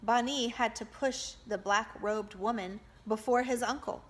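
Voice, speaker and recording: A woman reading a novel aloud as an audiobook, with expressive narration. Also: fairly high pitch, a little slow. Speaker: audiobook reader for a homeschool group.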